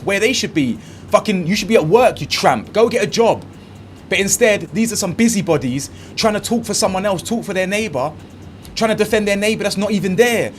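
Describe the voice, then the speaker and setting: A man's voice: sits high, slight background noise. A man hosting his own commentary channel, ranting in a blunt, mocking, slangy way.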